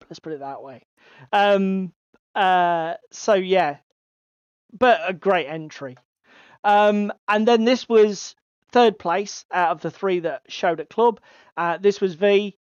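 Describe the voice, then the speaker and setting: A high-pitched man with a clean tone co-hosts a relaxed hobby podcast, where he chats and swears freely. There's no room sound, yet the lo-fi recording is a little dull.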